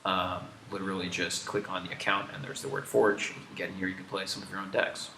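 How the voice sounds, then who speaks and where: A man's voice: low-pitched, completely flat delivery, fast, sharp tone, reverberant, slight background noise. An American man hosting a game livestream, teasing his co-host and explaining the game's features. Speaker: game developer hosting a stream. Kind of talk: casual livestream chat.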